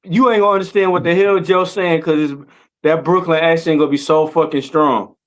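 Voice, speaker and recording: High-voiced joking Black man. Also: steady tone, brisk. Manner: loud, joking, teasing trash talk. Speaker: podcast co-host. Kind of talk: casual chat.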